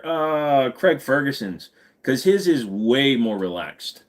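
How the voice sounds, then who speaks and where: A man hosting a casual live stream and reading out viewer questions. His pitch swings widely as he talks, and he jokes around and slips into silly voices. His voice sits at a middle pitch. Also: sing-song, moderate pace.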